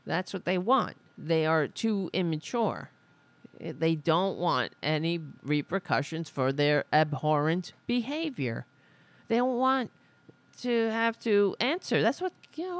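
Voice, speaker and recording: A woman's voice: on the low side, very animated, unhurried, no echo. A woman hosting a podcast, ranting sarcastically in a casual political commentary. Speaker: podcast host.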